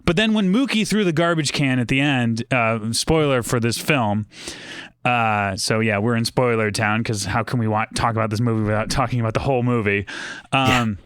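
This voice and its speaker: A man's voice: medium pitch, normal speed, fairly bright tone, clean tone, no echo, clean studio sound. A man talking casually about a film, rambling with lots of fillers and restarts. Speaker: podcast guest. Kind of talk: casual movie discussion.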